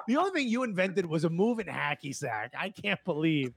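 A man's voice: high-pitched, fast talker, gravelly, hardly any pauses, husky. A man, a comedian telling stories in a casual podcast chat, acting out dialogue and laughing often. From New York. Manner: animated storyteller, acts out dialogue, laughs often. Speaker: comedian guest.

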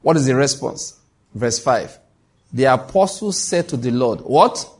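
A man's voice: medium pitch, unhurried, breathy edge. A man preaching a sermon, telling stories with humor and acting out the dialogue. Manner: animated, humorous storytelling with acted-out dialogue.

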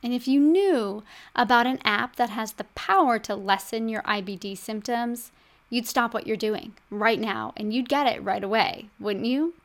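A woman's voice: on the high side, normal speed. A middle-aged woman hosting a podcast as a health coach, talking to the listener in a chatty, upbeat way. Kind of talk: scripted podcast monologue.

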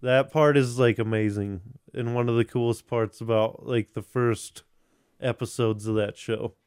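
A man's voice: mid-range voice, fairly even intonation, measured pace, a little mellow, clear, resonant tone, dry recording, studio quality. A man hosting a podcast, chatting casually, rambling, swearing and restarting often. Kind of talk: casual chat.

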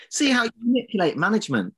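A man's voice: high voice, a bit bright, slightly rough. A man co-hosting a podcast, bantering casually with a playful, teasing manner. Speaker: podcast co-host.

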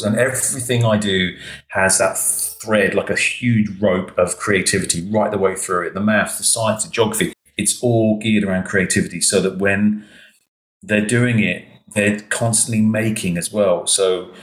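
A man, an education consultant telling stories in a podcast interview, animated and acting out the dialogue. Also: on the low side, roomy sound, low-quality recording. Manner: animated, emotional storytelling, acts out quoted dialogue.

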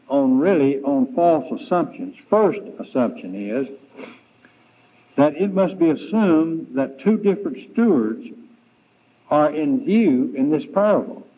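A man preaching an evening Bible lesson, slow and deliberate, with frequent fillers and restarts. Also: a little high, husky. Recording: tinny, phone-like 1990s church tape.

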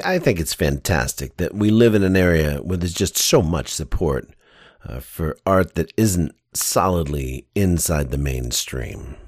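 Deep-voiced rambling podcast host man. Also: slightly rough, dry recording, clean studio sound. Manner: rambling and enthusiastic. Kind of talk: casual interview chat.

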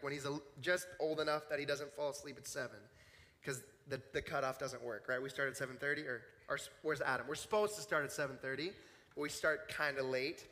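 In a church hall with long reverb, a man in his thirties who leads young adults delivers a sermon woven with personal stories. He speaks casually in a fairly high, sharp voice, performing the quoted voices as he tells each story.

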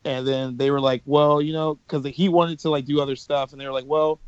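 A man's voice: on the high side, level tone, a little fast, clean tone, no echo, highs cut off. A man co-hosting a podcast, telling stories in a rambling casual way. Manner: rambling storyteller, many fillers. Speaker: podcast co-host. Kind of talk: casual chat.

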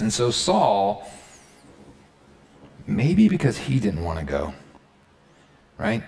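A man preaching a sermon in a casual, conversational way, retelling a story and checking in with his listeners. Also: lowish voice. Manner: conversational, animated, keeps checking in with the audience. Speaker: pastor.

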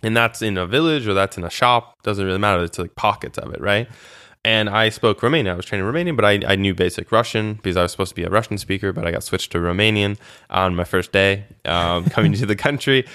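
A man with a low, smooth, resonant voice recounts his volunteer years in a relaxed interview. He talks in a chatty, animated way, full of fillers and restarts. The sound is dry and close, with no room around it. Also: no room sound. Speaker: interview guest, former volunteer. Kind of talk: casual conversational interview.

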